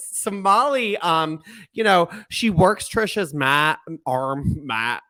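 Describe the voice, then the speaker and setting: Animated man recapping wrestling, laughing. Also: a little high, drawn-out words. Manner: animated, laughs often, acts out wrestlers' lines. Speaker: podcast co-host. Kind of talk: casual chat recapping wrestling.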